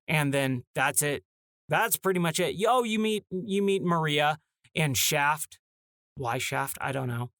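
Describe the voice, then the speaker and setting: A man with a somewhat high voice rants in casual talk, sounding exasperated and now and then mocking bits of dialogue. The sound is dry and close, with no room around it. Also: measured pace, fairly bright tone, no echo. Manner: exasperated, ranting, mock-acts short dialogue snippets. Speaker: podcast host.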